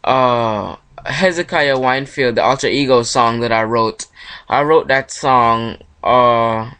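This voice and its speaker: A man's voice: mid-range voice, takes it slowly, pushed and bright, clear, resonant tone. A young man from Jamaica hosting his own podcast, talking in a loose, rambling solo monologue with frequent self-corrections.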